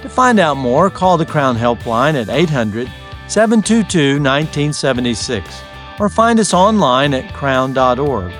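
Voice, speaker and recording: A man's voice: medium pitch, very animated, measured pace. A man hosting a radio program, reading a scripted introduction and closing. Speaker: radio host. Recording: soft guitar music behind.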